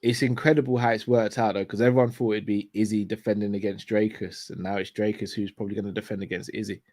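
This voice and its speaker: A man's voice: lowish voice, flat delivery, fast talker, darkish tone, dry recording, studio quality. Man hosting a fight chat. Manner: upbeat, chatty, wraps up like a show host. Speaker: host. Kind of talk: casual fight commentary chat.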